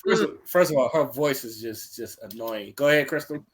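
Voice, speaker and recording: A man's voice: mid-range voice, brisk. Brief: male podcast cohost, loose and profane, restarts his sentences, mid-range voice. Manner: laughing, profane, repeats himself. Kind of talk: casual chat.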